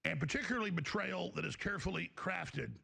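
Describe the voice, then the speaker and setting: A man's voice: sits high, brisk, gravelly, pushed and bright, husky. A man hosting a talk show, delivering a heated, emphatic on-air rant. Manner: emphatic, ranting, mimics others mockingly.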